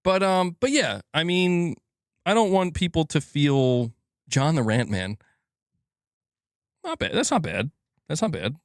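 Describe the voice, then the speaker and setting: A man's voice: a little high, lively intonation, unhurried, no echo, studio quality. A man streaming casually, joking around, swearing freely and laughing at his own jokes. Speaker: gaming news streamer. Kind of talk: casual live-stream chat.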